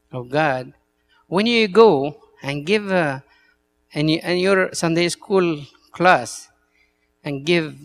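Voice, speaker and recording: A man's voice: fairly high pitch, gravelly, a bit bright. A male priest with an Egyptian Arabic accent, a native Arabic speaker, giving an earnest talk to church servants and telling stories in broken English.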